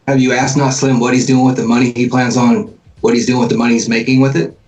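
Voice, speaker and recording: A man's voice: mid-range voice, little pitch movement, fast, a little mellow. A man on a podcast voice call who keeps cutting in and needling the others, laughing at them. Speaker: co-host helper. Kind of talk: interrupting podcast argument. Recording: roomy distant call audio.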